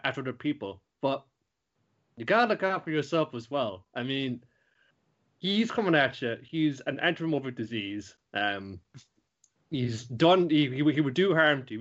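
A man's voice: mid-range voice, a bit bright. Rambling, swearing young guy. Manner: rambling, heavy swearing, many fillers. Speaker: podcast host recapping an anime. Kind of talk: casual chat. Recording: dull lo-fi recording.

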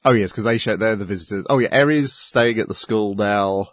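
A man with a fairly low voice leads a podcast chat, recapping plot points and moving the show along. The sound is dry and close. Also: brisk, no room sound. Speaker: podcast host. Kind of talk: casual anime review chat.

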